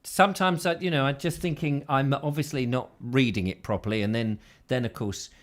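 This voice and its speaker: A man's voice: medium pitch, a little fast. A man hosting a casual live show from his house, rambling through viewer comments with self-deprecating jokes. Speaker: host.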